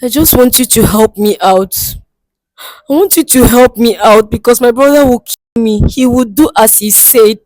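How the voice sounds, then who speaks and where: A woman's voice: a little high, normal speed, darkish tone, no echo, close to an everyday voice, poor audio. A woman acting a distraught young woman in a comedy skit, crying and pleading for help, repeating herself. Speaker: guest seeking help. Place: studio.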